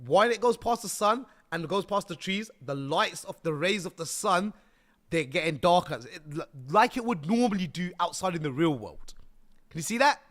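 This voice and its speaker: Guy hyping his game on stream, lots of slang, bright forceful voice, sits a bit high. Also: normal speed. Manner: excitable, slangy, swears, hypes the game. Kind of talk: casual live-stream chat.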